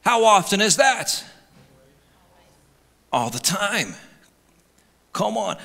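Casting: middle-aged male pastor, high lively voice, bright ringing tone, preaching in a reverberant sanctuary. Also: extremely slow, vocal fry, pauses often. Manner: animated preaching, voices imagined complaints. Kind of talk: sermon. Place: church sanctuary.

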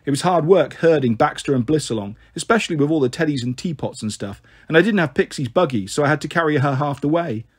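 A man reading a children's storybook aloud, expressive and voicing each character. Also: on the high side, fast, hardly any pauses, husky. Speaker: audiobook narrator.

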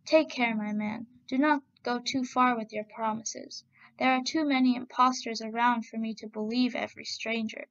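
A woman's voice: on the high side, fairly even intonation, moderate pace, vocal fry, fairly bright tone. A woman doing a haughty mandarin official. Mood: scornful. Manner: commanding, mocking. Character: proud demanding male mandarin official. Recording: dull lo-fi recording.

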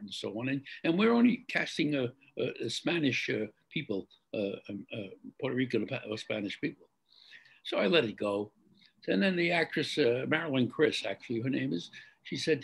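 Older man telling stories, husky and halting. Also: mid-range voice, animated, rough recording. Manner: halting, many fillers and restarts, clears throat. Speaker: actor guest. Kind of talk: interview storytelling.

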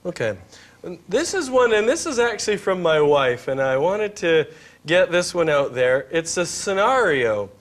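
A man's voice: high-pitched, sing-song, measured pace. A man co-hosting a comedy morning show, asking absurd questions in a playful, straight-faced way. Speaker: co-host. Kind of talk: improvised mock interview.

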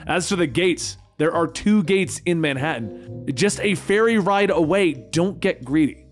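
A man voicing a stern female mutant leader in a comic book story, speaking in a cold, measured and dismissive way. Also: a little high, expressive, faint music behind. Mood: cool dismissive.

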